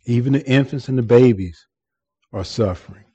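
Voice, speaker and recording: A man's voice: medium pitch, normal speed, mellow, husky, lo-fi sound. A man preaching an earnest expository sermon, often repeating words and restarting as he explains the text.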